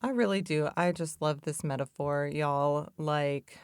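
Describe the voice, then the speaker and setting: A woman's voice: deep voice, measured pace, smooth, no room sound, studio quality. A woman hosting a podcast in a loose, chatty way, full of "like" and "y'all". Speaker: podcast host. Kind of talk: casual reflective talk on addiction recovery.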